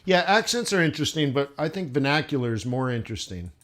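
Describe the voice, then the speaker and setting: A man's voice: on the high side, sing-song, fast, fairly bright tone. A man chatting casually while running a live trading stream, rambling with many fillers and restarts. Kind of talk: casual livestream chat. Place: southern United States.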